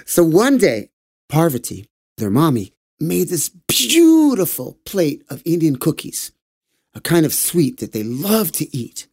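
A man telling a bedtime story for children, gentle and animated, jumping into character voices. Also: on the high side, a little slow, slightly rough, no room sound, studio quality.

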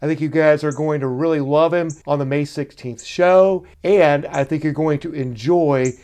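A man co-hosts a podcast in an earnest, measured way. His voice is smooth and resonant. It sits slightly higher than most men's. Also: steady tone, a little mellow. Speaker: podcast co-host. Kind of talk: podcast chat.

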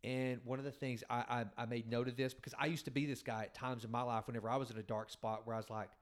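Rambling middle-aged podcast host. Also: male voice, mid-range voice, level tone, quick pace. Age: 40s. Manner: rambling, enthusiastic, restarts thoughts. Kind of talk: casual interview.

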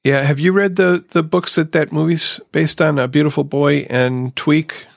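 A man's voice: fairly high pitch, steady tone, normal speed, gravelly, dry recording, clean studio sound. A man hosting a recovery podcast, sharing his own experience in a reflective, casual way. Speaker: podcast host.

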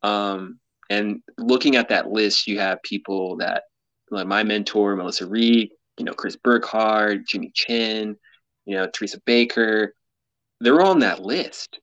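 A man's voice: lowish voice, steady tone, a little slow, fairly bright tone, no echo, dull audio. A man being interviewed as a mountaineer and explorer, speaking candidly in an earnest, rambling way and laughing often. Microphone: podcast mic, camera off.

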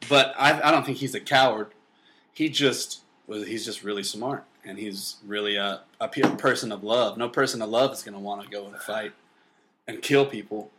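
A young man co-hosting a casual podcast, joking and swearing freely with loud outbursts. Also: fairly low pitch, moderate pace, slight background noise. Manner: profane, jokey, loud outbursts. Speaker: podcast co-host.

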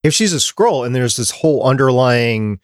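Animated male podcast host, dry sound. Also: medium pitch, moderate pace, dry recording. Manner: animated, reads out listener tweets. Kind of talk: casual podcast chat.

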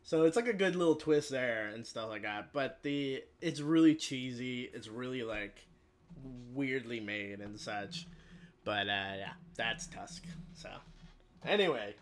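A young man co-hosting a podcast, retelling a movie in casual chat with lots of "like" and loud acted-out voices. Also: medium pitch, unhurried. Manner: frequent filler "like". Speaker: podcast co-host.

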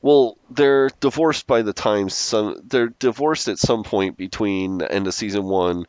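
A man's voice: lowish voice, unhurried, darkish tone, clean tone, dry recording, poor audio. A man co-hosting a podcast, casually recapping a TV episode and laughing often as he retells scenes. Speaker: podcast co-host.

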